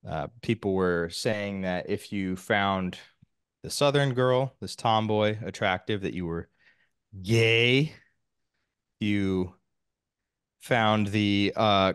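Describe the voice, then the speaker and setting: A man hosting a podcast, talking in a measured way with restarts and small laughs. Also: fairly low pitch, fairly bright tone, clean tone, dry recording, clean studio sound. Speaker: podcast host. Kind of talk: casual podcast chat.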